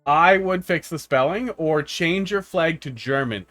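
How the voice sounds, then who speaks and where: A man's voice: fairly high pitch, measured pace, fairly bright tone, no echo, faint music behind. A man from the United States giving casual, joking live-stream commentary on viewer-made game levels, rambling and laughing often.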